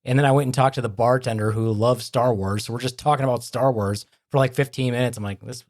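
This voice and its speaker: A man's voice: medium pitch, fast, few pauses. A man hosting a podcast in casual chat, telling stories and acting out the people in them. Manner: lively storyteller who acts out quoted people. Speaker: podcast host.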